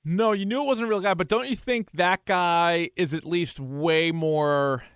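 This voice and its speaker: A man's voice: sits high, unhurried, a bit bright, smooth, no echo, studio quality. A man co-hosting a casual movie discussion podcast, chatty and laughing often as he leads the questions. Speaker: podcast co-host.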